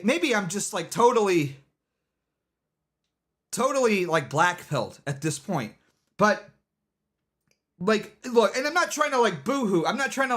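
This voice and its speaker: A man's voice: high-pitched, fairly bright tone. A man streaming live, talking loosely in casual commentary, rambling and restarting his sentences over and over. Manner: rambling, repeats himself, lots of restarts.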